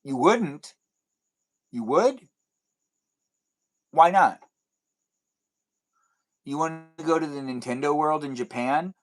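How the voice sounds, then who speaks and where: A man's voice: on the high side, lively intonation, slow, long pauses, low-quality recording. A man chatting casually with viewers on a live stream, rambling playfully and acting out silly imagined conversations. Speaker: livestreamer.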